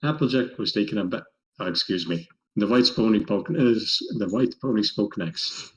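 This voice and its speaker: A man reading fan fiction aloud with friends, halting and stumbling over words now and then. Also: fairly low pitch, poor audio. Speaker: reader.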